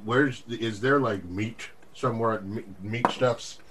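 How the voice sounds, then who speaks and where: A man's voice: fairly low pitch, unhurried, noisy background. A man playing a tabletop role-playing game, easygoing as he describes his character's actions. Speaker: player.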